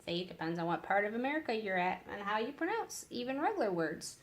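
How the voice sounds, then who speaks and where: A woman's voice: mid-range voice, big pitch swings, roomy sound. A woman reading a chapter book aloud, breaking off now and then for friendly asides to her listeners. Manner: slow, unhurried reading with chatty asides to listeners. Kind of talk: read-aloud storytelling with asides.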